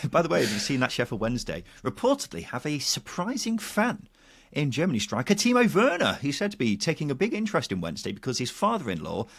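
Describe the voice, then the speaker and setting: A man's voice: mid-range voice, wildly swooping pitch, fast, gravelly, fairly bright tone, slightly rough. A man co-hosting a football podcast, arguing in an incredulous, exasperated way. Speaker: podcast co-host. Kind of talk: casual football chat.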